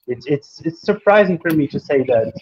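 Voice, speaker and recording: A man giving his view in a casual panel discussion, talking haltingly and often restarting his sentences. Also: on the high side, expressive, muffled recording. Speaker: panel guest.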